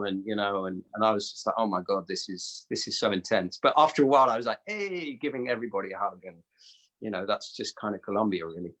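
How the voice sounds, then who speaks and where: A man's voice: fairly low pitch, fairly bright tone, rough recording. A British man, an actor guest, chatting enthusiastically in an interview, rambling and self-deprecating. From Britain. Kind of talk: casual interview chat.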